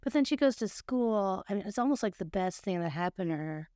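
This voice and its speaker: A woman's voice: medium pitch, animated, brisk, warm tone, no echo, studio quality. A woman co-hosting a podcast, talking reflectively and with empathy, voicing imagined reactions in casual chat. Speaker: podcast co-host.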